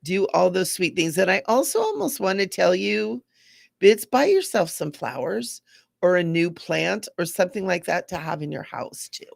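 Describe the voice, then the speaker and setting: A woman's voice: fairly low pitch, very animated, moderate pace, creaky, dry recording, clean studio sound. A woman hosting a live spiritual card reading, chatty and affirming, repeating mantras to her viewers. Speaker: intuitive card reader.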